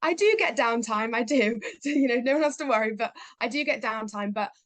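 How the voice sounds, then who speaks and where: A teenage girl talks in a bright, chatty way, with lots of fillers and little acted-out quotes. Her voice sits a bit high, and the sound is dry and close. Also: brisk, no room sound. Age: teens. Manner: chatty, upbeat, many fillers, acts out quotes. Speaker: guest, young actor. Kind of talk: casual interview chat.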